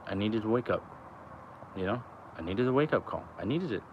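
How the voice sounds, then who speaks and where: A man's voice: lowish voice, animated, fairly quick, dull audio, background noise. A young man talking in a loose, rambling, profane way, full of fillers, outdoors by a road. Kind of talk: casual rambling chat.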